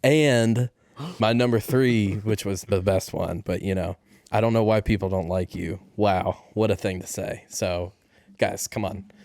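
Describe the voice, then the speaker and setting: A man's voice: lowish voice, a little slow, a little mellow, dry recording, studio quality. A man on a comedy podcast, jokingly pleading and promoting himself in casual chat. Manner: mock-pleading, self-promoting. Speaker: podcast co-host and player.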